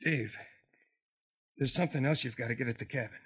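An actor playing a panicky, weak younger brother in a 1950s radio drama, frantic and pleading. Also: male voice, mid-range voice, a little fast, a bit bright, husky. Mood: subdued.

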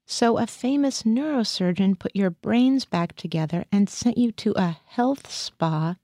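A woman's voice: medium pitch, lively intonation, unhurried, warm tone, no echo, studio quality. A woman reading the lines of a male military psychiatrist who questions his patient dryly. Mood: questioning.

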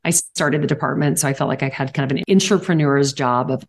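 A woman in her forties from Louisiana talks in a low, full register. She tells quick, upbeat stories as a guest on a podcast interview, with plenty of energy. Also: slight background noise. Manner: animated storyteller, quick and upbeat with laughs. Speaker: guest, charity auctioneer and founder.

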